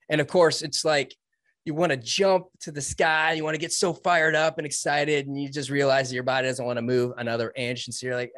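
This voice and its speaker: A man's voice: medium pitch, quick pace, a bit bright, no room sound. A man recounting his military training in an interview, earnest and openly emotional, with restarts. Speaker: interview guest, former Navy SEAL trainee. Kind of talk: storytelling in a conversational interview.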